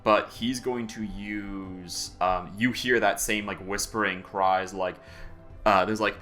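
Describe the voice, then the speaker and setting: A man narrating as game master in a casual tabletop game, laughing often and pausing on fillers. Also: lowish voice, fairly even intonation, pushed and bright, soft background music. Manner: laughing, hesitant with many fillers.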